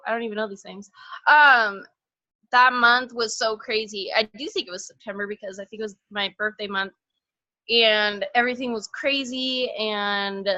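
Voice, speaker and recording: A woman chatting casually about her own experience, bubbly and quick to laugh, full of "like" fillers. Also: medium pitch, bright, forceful tone, dry recording, highs cut off. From northern Idaho, US. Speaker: team member sharing her story. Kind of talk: casual chat.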